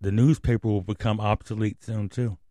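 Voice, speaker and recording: A man's voice: on the low side, fairly even intonation, moderate pace, mellow, no echo. Blunt, swearing radio host man. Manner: blunt, profane, rambling rants. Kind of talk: casual commentary and news reading.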